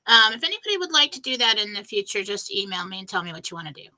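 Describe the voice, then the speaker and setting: A woman's voice: mid-range voice, big pitch swings, very fast, bright, forceful tone, poor audio. A woman co-hosting a live stream as a psychic reader, talking breezily with many "um"s and "okay?" tags. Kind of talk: casual live-stream chat.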